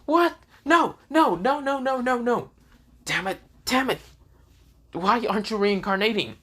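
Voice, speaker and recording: A man's voice: high voice, animated, fast, a bit bright, pitched above the performer's own voice. Man doing a panicking proud young noblewoman. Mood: frantic. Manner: panicked, insistent. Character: frantic young woman, proud devil noble.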